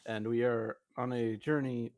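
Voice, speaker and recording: A man playing a tabletop game, speaking in character slowly and hesitantly with many pauses. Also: medium pitch, steady tone, a little mellow, no echo. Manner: slow and hesitant, many uhs. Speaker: player.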